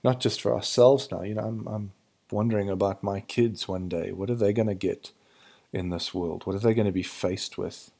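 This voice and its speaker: A man hosting a podcast, thinking aloud in a hesitant, searching way, his voice hoarse and gravelly in the early morning. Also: fairly low pitch, steady tone, moderate pace, darkish tone. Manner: searching, hesitant, restarts to find words. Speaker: podcast host. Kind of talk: reflective spiritual monologue.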